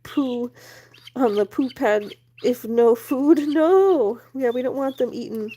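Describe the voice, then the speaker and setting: A woman's voice: slow pace, dark tone. Woman chatting casually on a livestream. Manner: coos in a high baby-talk voice to the chicks. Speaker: livestream host. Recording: noticeable background noise. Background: chirping chicks.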